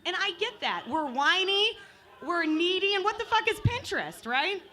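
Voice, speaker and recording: A woman's voice: very high-pitched, animated, fairly quick, sharp tone. A woman in her twenties from Michigan doing open mic stand-up comedy, chatty and profane, playing with the crowd on a bar stage. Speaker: stand-up comic.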